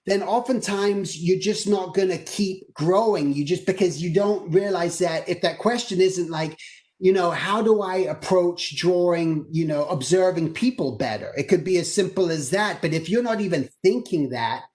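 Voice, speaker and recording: Guy giving students career advice on a video call, lively and chatty, acts out what people said. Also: high-pitched, moderate pace. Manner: energetic, conversational, acts out quoted dialogue. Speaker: guest presenter.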